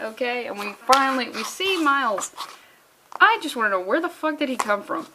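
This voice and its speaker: A woman's voice: sits high, expressive, a little fast, background noise. Sarcastic, foul-mouthed young woman. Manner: sarcastic, profane, rambling. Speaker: comic book reviewer. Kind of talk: casual comic review vlog.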